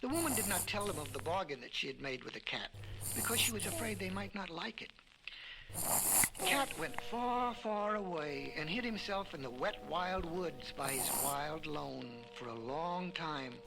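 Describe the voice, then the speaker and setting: Gravelly man narrating a storybook record. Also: fairly high pitch. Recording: crackly vinyl record under loud music.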